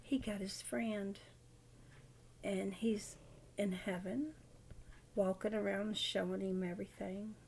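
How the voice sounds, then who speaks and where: An older widowed grandmother telling a personal story in a halting, rambling way in a casual vlog. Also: medium pitch, steady tone, creaky, a little mellow, a little hiss or hum.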